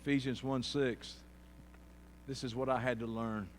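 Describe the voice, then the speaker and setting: A man preaching a sermon, swinging from quiet, low passages to loud, shouted peaks. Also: flat delivery, moderate pace, slight background noise. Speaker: pastor.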